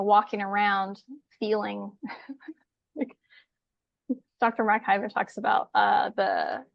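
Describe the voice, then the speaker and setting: A woman skincare educator chatting casually as a guest. She is lively and animated and sometimes acts out what people say. Her voice sits in a middle register and sounds dry and close, with almost no room around it. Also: mid-range voice, vocal fry, no room sound. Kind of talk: casual conversation.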